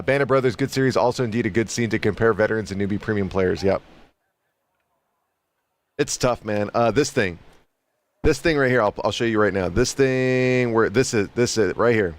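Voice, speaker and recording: A man's voice: lowish voice, normal speed. A man chatting casually on a game stream, rambling and repeating himself with chuckling asides. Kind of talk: casual livestream commentary.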